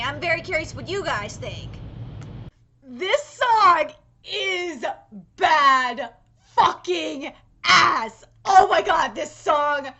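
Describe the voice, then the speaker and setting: A young woman giving excited live reaction commentary on an anime episode, gushing and swearing freely with squealing outbursts. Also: extremely high pitch, muffled recording.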